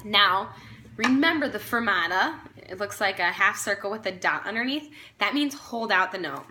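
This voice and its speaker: A woman's voice: medium pitch, animated, moderate pace. A woman teaching a string practice lesson, patiently naming notes and counting the players in. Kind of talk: practice video instruction. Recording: violin playing behind. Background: violin music.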